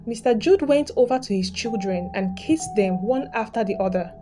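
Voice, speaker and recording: A woman narrating a dramatic story in a steady, scripted storytelling style. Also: fairly high pitch, moderate pace, few pauses. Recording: background music.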